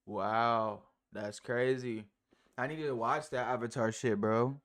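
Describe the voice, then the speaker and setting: A man streaming live and reacting to clips in casual chat, slangy and profane, rambling with many fillers and big jumps in pitch and loudness. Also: fairly even intonation, takes it slowly.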